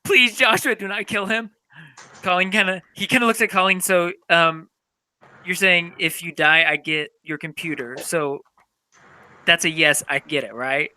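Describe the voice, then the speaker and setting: Guy on a call playing a tabletop game, super bright sharp voice, stops and restarts a lot. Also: high voice. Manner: halting, restarts often. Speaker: player. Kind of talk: casual role-play narration. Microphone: online voice call.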